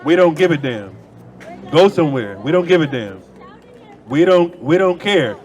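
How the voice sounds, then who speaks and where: A man's voice: on the high side, animated, moderate pace, darkish tone. A man preaching outdoors on a city street through a handheld microphone, arguing in a heated debate, dismissive and repeating himself.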